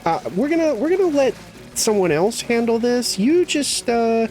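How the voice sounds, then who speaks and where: A man voicing a condescending townsperson from a video game, talking down in a high sing-song voice. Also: very animated, normal speed, a little mellow, faint music behind. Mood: patronizing. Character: man, a condescending adult townsperson brushing off a fool.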